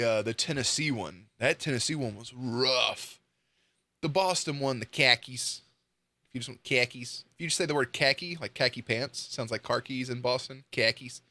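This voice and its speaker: A man's voice: mid-range voice, bright, forceful tone, dry recording. A young man giving casual, blunt reaction commentary to a video, swearing freely and joking.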